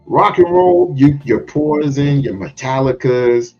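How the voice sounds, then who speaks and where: A man's voice: mid-range voice, slow pace. A man commenting on a comedy clip in an emphatic, profane way. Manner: emphatic, profane, lively questioning. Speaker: reaction channel host. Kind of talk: reaction commentary. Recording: dull lo-fi with music under.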